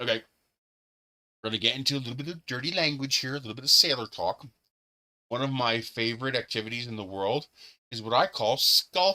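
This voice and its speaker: A man with a medium-pitched, bright, forceful voice hosts a live stream, swapping stories in casual chat. He laughs often, swears freely, and tells his tales with obvious glee.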